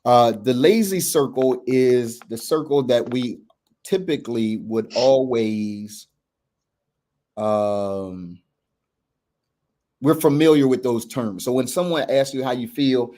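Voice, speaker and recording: A man's voice: medium pitch, takes it slowly, warm tone. A man, a men's coach hosting a candid talk, earnest and reflective, often restarting and checking in with "right?". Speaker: men's coach and podcast host.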